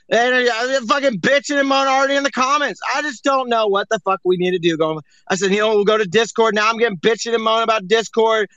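Brief: high-voiced man, profane and rambling, hosting a casual online chat; tight, bright tone. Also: no echo, highs cut off. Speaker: host. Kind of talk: casual chat on an audio stream.

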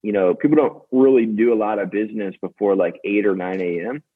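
A man guest in a casual interview, telling stories fast and energetically with many fillers. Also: fairly low pitch, slightly rough. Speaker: podcast guest, sales manager. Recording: tinny phone-line sound.

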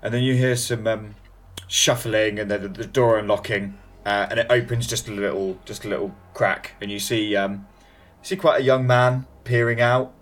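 A man's voice: lowish voice, fairly even intonation, normal speed. A man narrating a tabletop game as game master, rambling with many fillers.

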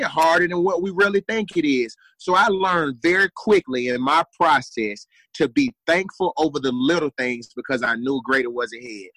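A man's voice: fairly high pitch, sharp tone, breathy edge, no room sound, rough recording. A young adult man telling his story as a guest, earnest and repeating phrases for emphasis. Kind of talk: motivational storytelling.

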